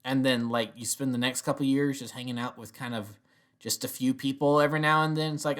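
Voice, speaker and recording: A man's voice: medium pitch, fairly even intonation, a little fast, a bit bright. Rambling, chuckling male reviewer. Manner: chuckles often, rambling with many restarts. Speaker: TV episode reviewer. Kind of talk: casual spoken review.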